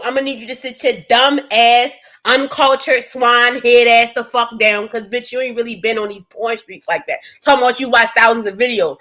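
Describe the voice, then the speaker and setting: A woman, hosting a livestream and ranting bluntly and profanely to her chat, swinging between loud and low. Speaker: livestream host. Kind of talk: casual livestream rant.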